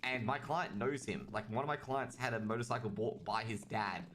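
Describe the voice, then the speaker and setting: A man's voice: mid-range voice, moderate pace, fairly bright tone, a little hiss or hum. A man with an Australian accent giving chatty, rambling solo commentary on a livestreamed match and talking straight to his chat. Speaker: esports caster.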